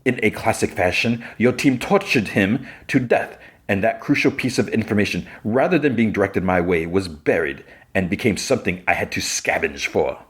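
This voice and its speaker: Man reading as a defensive female officer under questioning, brisk, raised tone. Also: on the low side, lively intonation, slightly rough. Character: cold intelligence officer woman under interrogation.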